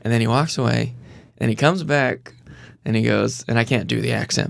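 A young man with a gravelly, creaky voice tells a rambling story as a podcast guest, full of restarts and awkward, self-deprecating asides. His pitch sits in an ordinary middle range, and the sound is close and dry with no room echo. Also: moderate pace, fairly bright tone. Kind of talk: casual storytelling.

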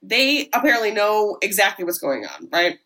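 A woman podcast host giving an animated, comedic film recap with swearing and asides. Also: medium pitch, moderate pace.

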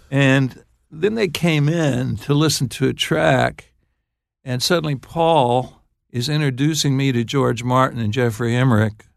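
An older man, a songwriter guest on an interview show, telling stories in a halting, laughing way. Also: medium pitch, vocal fry, no echo, studio quality. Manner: halting, restarts phrases, laughs while telling. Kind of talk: casual storytelling interview.

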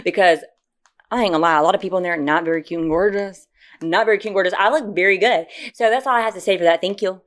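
A woman co-hosting a casual podcast chat, telling stories in an animated, profane way. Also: mid-range voice, racing. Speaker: podcast co-host.

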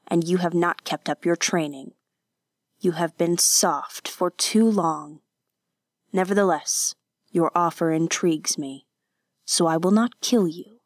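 Woman playing a cool mercenary spy guy, calm and slow, dry close mic. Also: a little high, no room sound. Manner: calm, coolly bargaining.

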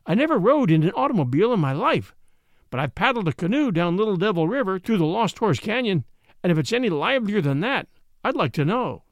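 A man voicing a lively, frank young woman from the West in a read-aloud story. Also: sits high, brisk, dry recording, muffled recording. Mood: eager.

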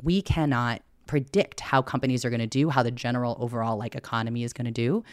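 A woman's voice: extremely low pitch, fairly even intonation, fast, no echo, studio quality. A woman who is a personal finance guest on a casual podcast, talking in a candid, chatty way and swearing now and then.

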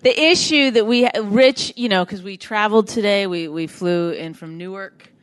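A woman's voice: medium pitch, moderate pace. A woman, a comedian co-hosting a podcast, chatting playfully and laughing often. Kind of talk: casual podcast chat. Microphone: studio microphone.

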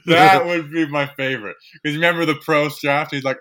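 A man co-hosting a casual sports podcast, animated and repeating himself as he talks. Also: fairly high pitch, normal speed. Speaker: podcast co-host.

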